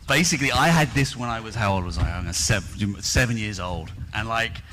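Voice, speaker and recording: A man's voice: fairly low pitch, brisk, background noise. A man presenting at a convention panel, bantering and teasing his colleague.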